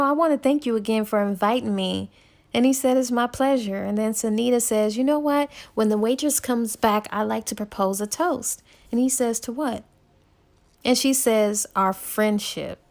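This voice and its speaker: A woman reviewing a book, casually retelling its plot in a chatty, giggly way and quoting the characters as she goes. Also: mid-range voice. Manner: chatty, giggly, quotes characters in a lively storytelling tone.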